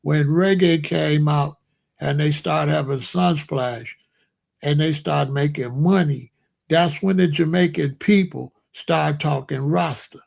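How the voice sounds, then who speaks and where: A man's voice: a little high, slow pace, vocal fry, a little mellow. A man hosting a livestream, answering chat and lecturing insistently, repeating his points. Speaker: streamer host.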